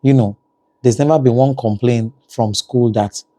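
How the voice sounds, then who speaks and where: There's no room sound as a Nigerian-accented family vlogger chats in a mellow, medium-pitched voice, a little slow and fairly even in intonation. He keeps leaning on the filler "you know" in his conversational talk.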